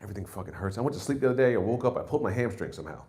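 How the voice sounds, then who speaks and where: Brief: forties New comic, low voice with big swings in pitch, loose and self-mocking. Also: male voice, lively intonation, rapid-fire. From New York. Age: 40s. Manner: rambling and self-mocking, with loud jumps into put-on exclamations. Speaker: stand-up comedian. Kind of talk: stand-up set.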